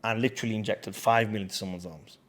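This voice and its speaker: A man's voice: lowish voice, steady tone, fast talker, fairly bright tone. A man, a fitness coach, talking casually to camera in a slangy, chatty storytelling way.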